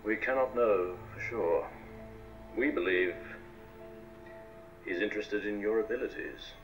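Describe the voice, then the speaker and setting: An actor playing a calm, mysterious male mentor who speaks slowly and in measured pauses, in film dialogue. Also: lowish voice, faint music behind, natural voice, low-quality recording. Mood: cryptic. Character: cryptic calm male mentor revealing secrets.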